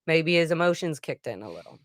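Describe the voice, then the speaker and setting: A woman guest chatting on a livestream, emotional and halting, often restarting her sentences. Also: deep voice, sing-song, no room sound, clean studio sound. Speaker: guest musician and streamer. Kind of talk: casual livestream chat.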